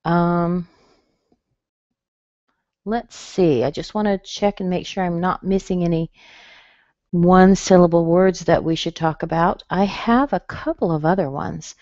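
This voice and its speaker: An American woman teaching pronunciation in a webinar lesson, speaking slowly and clearly and modeling sounds. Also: on the low side, a little mellow, no room sound, muffled recording.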